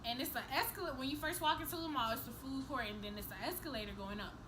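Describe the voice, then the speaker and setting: A young woman vlogger telling a story to the camera in a casual, animated, profane way, acting out each person's lines. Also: high voice, rapid-fire, background noise.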